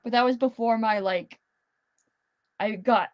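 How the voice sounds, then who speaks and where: A woman's voice: a little high, fairly even intonation, unhurried, slight background noise. Blunt woman sharing opinions. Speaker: guest. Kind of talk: casual chat on a group video call.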